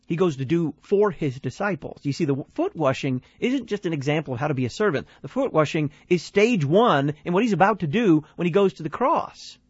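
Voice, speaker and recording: A man hosting a radio show talks through a sermon point by point, asking questions and then answering them. His voice sits a little high, and the recording is dry and slightly dull. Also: lively intonation, a little fast, few pauses, slightly rough, no room sound. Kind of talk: radio commentary.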